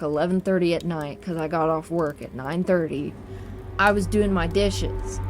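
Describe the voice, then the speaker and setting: A young adult woman telling a spooky personal story in a casual social-media style, cursing freely and laughing as she goes. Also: mid-range voice. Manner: profane, chatty, laughs through it. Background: faint spooky piano music.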